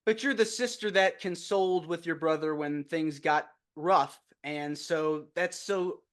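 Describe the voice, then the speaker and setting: A man hosting a casual interview, with a somewhat high voice. He keeps the talk going with encouraging remarks and open questions, and he often affirms what his guest says. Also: measured pace. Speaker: podcast host.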